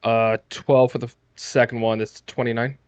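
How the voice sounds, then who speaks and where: A man's voice: mid-range voice, level tone, normal speed, smooth. A man playing in a tabletop game, chatting casually, joking and swearing freely. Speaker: player. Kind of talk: casual chat.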